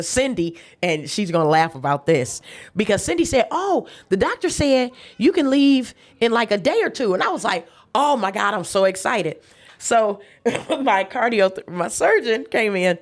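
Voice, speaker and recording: A woman, a guest chef, telling a personal story in a casual interview, laughing often and acting out the voices of the people she quotes. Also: medium pitch. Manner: faith-filled, emphatic retelling.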